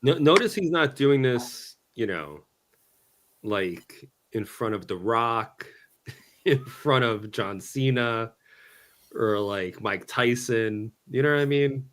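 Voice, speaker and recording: A man appearing as a podcast guest, chatting casually with a wry, loose delivery full of filler words. His voice sits at an ordinary pitch for a man. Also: lively intonation, takes it slowly, fairly bright tone, no room sound. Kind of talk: casual chat.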